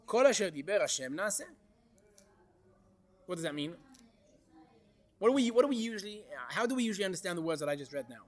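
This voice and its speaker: Guy teaching torah, high lively voice, keeps asking the class questions. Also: fast, pauses often. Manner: animated, questions the class, Hebrew verse quotes.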